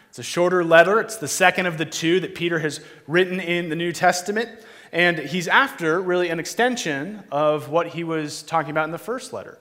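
A male pastor giving an earnest, conversational sermon with a prayer, pausing on fillers and restarting phrases. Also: a little high, bright, forceful tone. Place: church. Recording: reverberant church hall.

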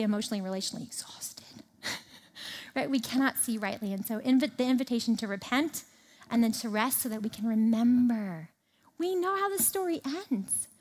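High-voiced woman preaching a casual sermon. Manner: animated, conversational, reads scripture aloud and paraphrases it casually. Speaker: speaker teaching a Bible passage.

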